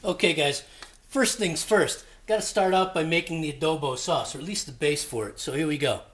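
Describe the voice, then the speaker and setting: A man's voice: fairly high pitch, fairly quick, a bit bright. A man hosting his own cooking channel, chatty and friendly, talking while he cooks in a home kitchen. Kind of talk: casual cooking vlog. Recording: echoey room.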